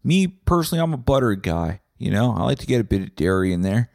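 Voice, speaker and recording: A young Canadian man hosting a comedic solo podcast, rambling and swearing with deadpan asides. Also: lowish voice, quick pace, gravelly, dry recording, studio quality. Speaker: podcast host.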